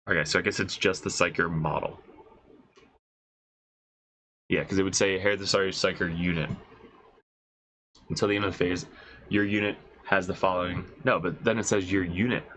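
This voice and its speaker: A man with a congested voice, casually reading out and reacting to game rules as a host, excited and swearing, thinking aloud. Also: low-pitched, slight background noise, poor audio. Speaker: wargaming video host reviewing rules.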